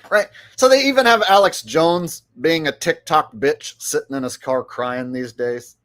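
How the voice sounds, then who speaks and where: A man's voice: mid-range voice, fairly bright tone. A middle-aged man giving rambling, mocking commentary on his live stream. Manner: rambling, mocking, with filler words.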